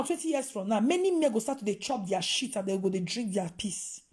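Nigerian woman vlogger, high voice, emphatic scolding rant. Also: darkish tone. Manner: emphatic, scolding, mixing Pidgin with local-language phrases. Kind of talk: impassioned monologue to viewers.

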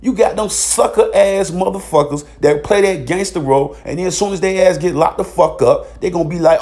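A man's voice: high voice, fairly quick, hardly any pauses, darkish tone. A man, ranting bluntly in a heated, profane vlog commentary. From Virginia, USA. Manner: repeats filler tags. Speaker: vlogger. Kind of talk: angry commentary monologue.

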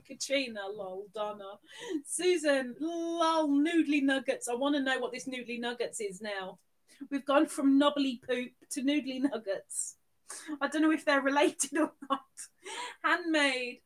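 A woman's voice: high-pitched, measured pace, fairly bright tone. A woman hosting a live stream, gushing affectionately as she reads out viewers' names and thanks them. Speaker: livestream host.

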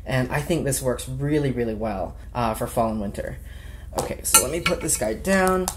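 A man's voice: mid-range voice, lively intonation, normal speed, a little hiss or hum. A young man casually showing off a watch and accessories in a vlog, chatty and gushing, with many fillers. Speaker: watch vlogger. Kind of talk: casual show-and-tell vlog.

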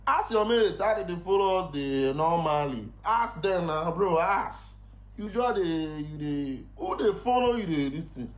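Lively Nigerian Pidgin-speaking man. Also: on the high side, measured pace, echoey room. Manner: animated, pleading, exclaiming. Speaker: skit performer. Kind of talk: comic skit, excited banter.

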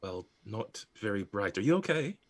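A man voicing a gentle, apologetic female telepath with a British accent. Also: fairly low pitch, big pitch swings, moderate pace. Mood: concerned.

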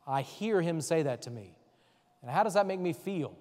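A man's voice: fairly high pitch, lively intonation, normal speed, a little mellow, long reverb tail. A man serving as a deacon, teaching a faith formation class in an earnest, conversational way and often checking in with his listeners.

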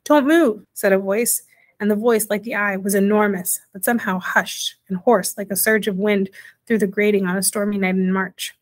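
A woman reading a chapter of a children's novel aloud in a steady, gently expressive storytelling voice. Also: mid-range voice, normal speed. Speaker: audiobook reader.

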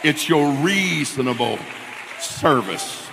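A middle-aged man preaching a Pentecostal sermon with emphatic delivery that swells into shouts. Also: a little high, animated, slow, gravelly, a crowd in the background, noisy background. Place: church sanctuary. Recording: long church reverb.

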